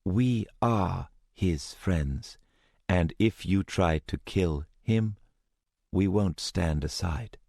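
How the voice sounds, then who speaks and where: A male narrator voicing a calm, gentle young woman with a soft voice. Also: low voice, very slow, vocal fry, dry recording, clean studio sound, full character voice. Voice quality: soft-spoken.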